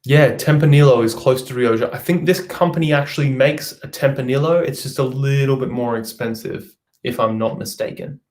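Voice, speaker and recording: A man's voice: mid-range voice, brisk, darkish tone. Chatty Australian young man. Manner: chatty, reads out viewer comments. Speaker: vlogger. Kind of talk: casual live-stream chat.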